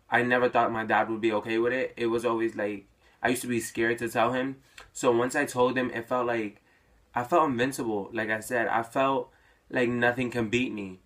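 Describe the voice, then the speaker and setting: A man's voice: mid-range voice, fairly bright tone. A young man telling a personal story in a casual, chatty way, full of "like" fillers.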